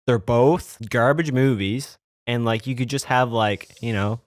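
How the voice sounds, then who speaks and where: A man's voice: mid-range voice, unhurried, no echo, studio quality. A man co-hosting a podcast, rambling casually with lots of fillers. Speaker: podcast co-host. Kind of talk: casual chat.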